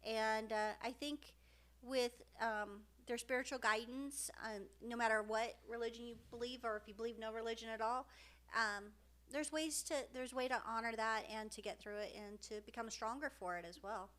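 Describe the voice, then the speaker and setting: A middle-aged woman co-hosting a podcast, talking in a heartfelt, halting way with many fillers and restarts, close to tears at times. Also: on the high side, steady tone, fairly bright tone. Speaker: podcast co-host. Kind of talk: heartfelt casual podcast chat.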